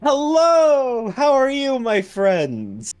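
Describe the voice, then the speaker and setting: A flamboyant male merchant beams at his customers in a voice pitched far above his usual one, as a man puts him on. He sings out his welcomes. Light music plays faintly behind him. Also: wildly swooping pitch, very slow, a little mellow, clean tone, full character voice. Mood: effusive welcome. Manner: high, sing-song greeting.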